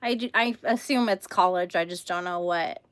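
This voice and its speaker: A woman's voice: lowish voice, normal speed, a bit bright, clear, resonant tone, dry recording. A young woman from California with a Californian accent, hosting a casual crochet livestream, chatting bubbly with viewers and laughing often. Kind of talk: casual live-stream chat with viewers.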